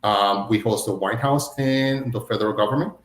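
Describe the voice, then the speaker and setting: A man's voice: lowish voice, moderate pace, a little hiss or hum. Orderly man in an echoey room. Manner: orderly, lists points one by one. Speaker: city international trade director. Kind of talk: panel answer on a virtual summit.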